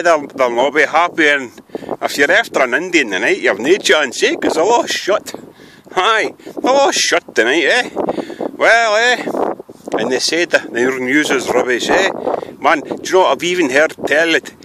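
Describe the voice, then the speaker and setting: A man's voice: on the high side, animated, moderate pace. A Scottish man presenting a comic mock news bulletin outdoors, rambling and chummy, tagging "eh?" onto his lines. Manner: rambling, chummy, keeps adding "eh?". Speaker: spoof newsreader. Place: outdoors in strong wind. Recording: windy outdoor recording with noise.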